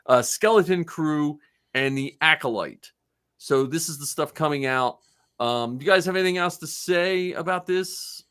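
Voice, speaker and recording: Man, laughing co-host, playful banter, fairly high bright voice. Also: moderate pace, clean tone. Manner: laughs often, joking. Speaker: podcast co-host. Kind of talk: casual chat.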